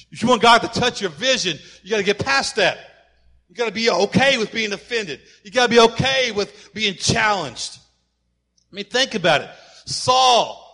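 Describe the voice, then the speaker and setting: A man preaching a sermon as pastor, emphatic and lively, building to shouted points with playful asides. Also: sits high, in a large hall.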